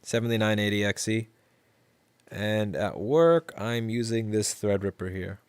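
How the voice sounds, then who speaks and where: A man's voice: lowish voice, a little slow, clean tone, no room sound. A man chatting casually on a livestream in a rambling way, reading chat and cooing at his cat.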